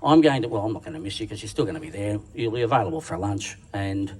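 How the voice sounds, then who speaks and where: A man's voice: on the low side, expressive, quick pace, a little mellow, slightly rough. Teasing Australian man roasting from afar. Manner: irreverent, teasing, slangy. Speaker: roast speaker. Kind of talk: comic roast speech at a dinner. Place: dinner function room. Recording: distant mic with background noise.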